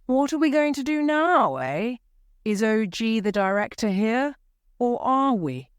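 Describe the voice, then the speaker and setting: Lady reading as a blustery opera director guy, shouting and indignant, pitched up high, clear crisp voice in a dry room. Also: sing-song, unhurried, no echo. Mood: angry.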